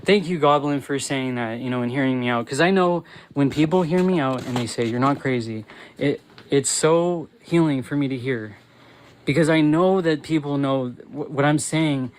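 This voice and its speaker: A man hosting a live stream, ranting angrily and swearing, breaking into yelling, often restarting his phrases mid-sentence while reading and answering chat messages. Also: mid-range voice, normal speed, a little hiss or hum, poor audio. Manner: angry, swearing, yelling in bursts. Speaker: livestream host.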